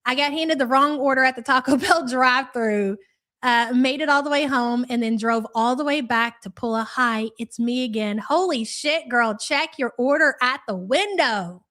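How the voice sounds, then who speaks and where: A woman's voice: high-pitched, normal speed, pushed and bright. A woman hosting a live reaction stream, commenting sarcastically and reading out viewer messages. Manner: sarcastic, reads out chat messages. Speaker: host.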